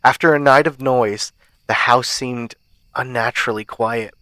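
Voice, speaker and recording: A podcast host tells a spooky first-person tale in a measured, suspenseful way. His voice sits at an ordinary middle pitch for a man. The recording is close and dry, with no room sound at all. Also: bright, forceful tone, no echo. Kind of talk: reading a horror story aloud.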